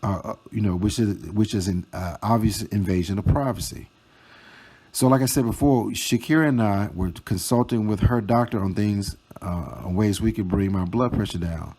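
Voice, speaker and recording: Low, dark-voiced man, mocking vlogger. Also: husky. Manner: slow, mocking and profane. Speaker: storytime vlogger. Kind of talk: reading out and commenting on chat screenshots.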